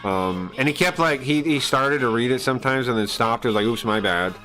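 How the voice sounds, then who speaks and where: A man's voice: medium pitch, fairly quick, bright, forceful tone, soft background music, rough recording. Profane, rambling male streamer. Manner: profane, aggrieved, rambling with restarts. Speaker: live streamer. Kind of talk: casual ranting on a live stream.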